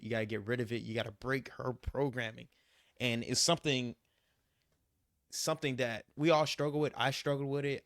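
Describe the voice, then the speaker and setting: A man's voice: on the low side, fairly bright tone, no room sound, clean studio sound. A young man vlogging about his travels, talking to viewers in a casual, emphatic, repetitive way as he gives motivational advice. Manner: emphatic, repeats his points, says "you gotta" a lot. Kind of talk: casual motivational vlog talk.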